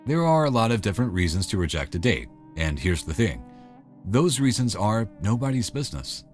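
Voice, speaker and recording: A man's voice: lowish voice, big pitch swings, fairly quick, soft background music. A man giving wry, conversational scripted narration.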